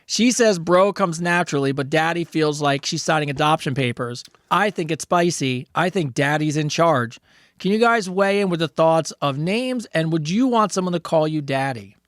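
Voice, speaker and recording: A man's voice: a little high, animated, moderate pace, fairly bright tone, no room sound, clean studio sound. A man co-hosting a casual advice chat show, playful and rambling, reading listener letters aloud. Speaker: podcast co-host.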